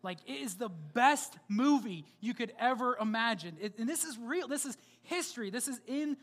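A woman's voice: on the high side, lively intonation, normal speed. A woman preacher delivering a sermon in a conversational, storytelling way, with rhetorical questions and asides to the congregation.

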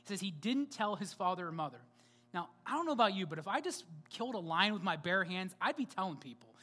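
A woman's voice: medium pitch, very animated, fast talker, fairly bright tone. Woman preaching a conversational sermon. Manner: conversational storytelling with rhetorical questions and asides.

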